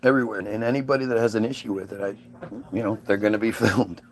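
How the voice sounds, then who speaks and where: A man's voice: on the low side, steady tone, fast. A man hosting his own livestream, musing aloud in a casual, rambling and sarcastic way from home. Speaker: livestream host.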